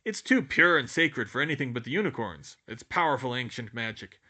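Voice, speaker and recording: A man's voice: expressive, brisk. Een luide, ruwe oudere reus als jachtopziener, gespeeld door een man, volks en bot, levendige heldere stem. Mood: gruff worried. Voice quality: loud, gruff rural-sounding dialect. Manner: booming, blunt and folksy. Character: huge gruff gentle male gamekeeper, older.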